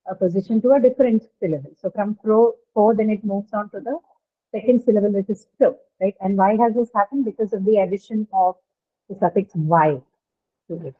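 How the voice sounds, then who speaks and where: A woman giving an online lecture in an explanatory way, often checking in with "right?" after each point. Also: medium pitch. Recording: tinny phone-like audio.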